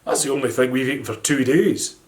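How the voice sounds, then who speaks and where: A man voicing a poor widowed mother, apologetic and warmly welcoming to a stranger. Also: mid-range voice, fairly quick, natural voice. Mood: kindly.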